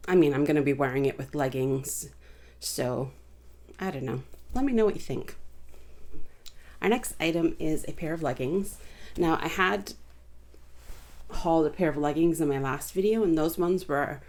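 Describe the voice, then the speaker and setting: Woman, low voice, chatty home vlogger reviewing her purchases, informal and rambling. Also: normal speed, pauses often, darkish tone. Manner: chatty, rambling, frequent fillers and restarts. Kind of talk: casual haul review.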